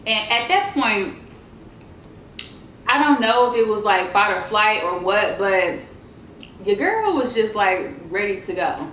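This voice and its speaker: A woman vlogger telling a story in a chatty, animated way while she eats, and she calls her viewers y'all. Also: mid-range voice, slow pace, long pauses, echoey room, slight background noise, poor audio. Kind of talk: casual storytelling while eating.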